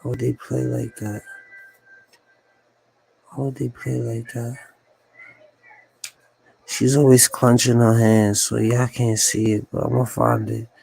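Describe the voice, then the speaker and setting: Gravelly man musing on a livestream. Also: mid-range voice, little pitch movement, slow, pauses often, darkish tone, a little hiss or hum, poor audio. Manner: repetitive, musing aloud, conspiratorial. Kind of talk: rambling solo livestream.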